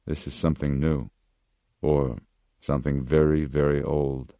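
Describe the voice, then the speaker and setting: A man voicing a brisk female doctor. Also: rumbling low, flat delivery, dark tone, dry recording, studio quality. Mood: probing. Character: sharp female doctor, alert colleague.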